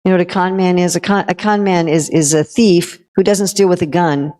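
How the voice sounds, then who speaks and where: A woman's voice: fairly low pitch, fairly even intonation, fairly quick, dark tone. Woman telling a devotional story, wry asides. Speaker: spiritual teacher.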